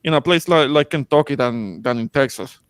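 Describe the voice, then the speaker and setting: A man's voice: medium pitch, fairly quick, clear, resonant tone, no room sound. A man hosting a casual talk show. He speaks carefully, hesitates, restarts, and urges caution. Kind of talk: casual chat.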